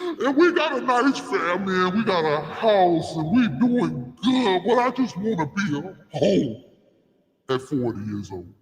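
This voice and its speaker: A bored, whining wife of forty moans in an exaggerated, mocking way, as a woman puts her on. Her pitch swoops up and down in wide arcs. The voice rings with a long, echoey hall reverb. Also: very animated, measured pace, crowd noise. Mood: whiny frustrated. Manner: whiny, exaggerated mocking complaint. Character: restless married woman of forty craving single life.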